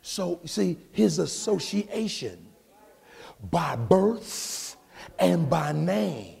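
Male American pastor, sermon, high-pitched, gravelly, chanting preaching cadence, long hall echo. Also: very animated, takes it slowly. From United States. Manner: preaching cadence that swells into shouted, half-sung peaks.

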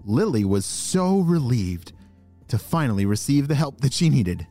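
A man narrating a children's story, animated and talking directly to young listeners with questions. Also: medium pitch, a little slow, soft background music.

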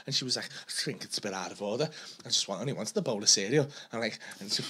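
A man's voice: fairly low pitch, expressive, fast talker, pushed and bright, slightly rough. A man co-hosting a podcast, chatting casually and swearing while he tells a story with quoted dialogue. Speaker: podcast co-host. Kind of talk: casual banter.

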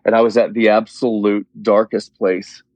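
A man's voice: lowish voice, flat delivery, moderate pace, darkish tone, no echo. A man, telling his personal story in an interview in an earnest, heartfelt way. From Oklahoma. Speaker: guest.

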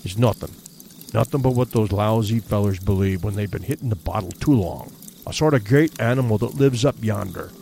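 A grim backwoods guide, as a male storyteller puts him on, uneasy and speaking in rough, folksy country grammar. He comes from Canada and has a voice of ordinary pitch in an audiobook. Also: expressive, moderate pace, a little mellow, slight background noise, lightly acted.

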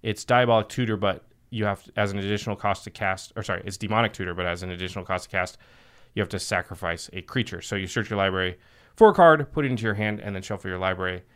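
A man's voice: deep voice, quick pace, a bit bright, clean tone. A man hosting a casual podcast chat, explaining card game decks at length and laughing easily. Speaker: podcast host.

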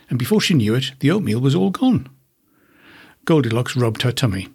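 A man, a podcast host, narrating a children's storybook in an expressive, unhurried way. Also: on the high side, gravelly, breathy edge.

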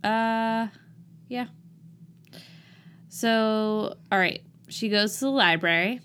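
A woman's voice: fairly high pitch, slow, fairly bright tone, slight background noise. A woman co-hosting a casual podcast chat, playful and self-mocking. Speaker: podcast co-host.

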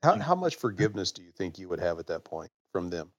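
A man's voice: low-pitched, sing-song, fast talker, no echo, clean studio sound. A man co-hosting a casual podcast, cracking jokes and telling a gag story. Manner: joking, tells jokes with punchlines. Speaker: podcast co-host.

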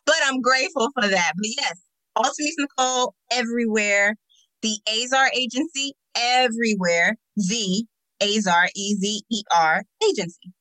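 A woman's voice: a little high, moderate pace, no room sound, rough recording. A woman guest on a podcast, telling stories animatedly and repeating words for emphasis. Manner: animated storyteller, emphatic repetitions. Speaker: podcast guest, agency owner. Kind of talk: casual interview chat.

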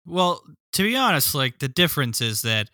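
A man joins a podcast chat with an extremely bright, sharp voice. His pitch jumps wildly as he slips into quick voices mid-sentence. The sound is dry and close to the mic. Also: big pitch swings, no room sound. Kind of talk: casual film-discussion chat.

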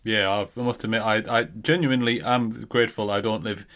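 Podcast cohost guy, lowish voice, dry deadpan jokes. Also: a little fast. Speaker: podcast co-host. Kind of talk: casual chat.

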